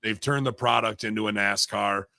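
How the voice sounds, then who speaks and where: A man's voice: on the low side, steady tone, moderate pace, gravelly, bright, forceful tone, dry recording. A man in casual chat, ranting animatedly and swearing often. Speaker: wrestling podcast guest.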